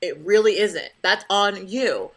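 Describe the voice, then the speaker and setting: Blunt, bright-voiced young woman ranting. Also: medium pitch, slow pace. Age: young adult. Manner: blunt, profane, indignant storytelling. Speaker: vlogger. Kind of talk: casual rant to camera.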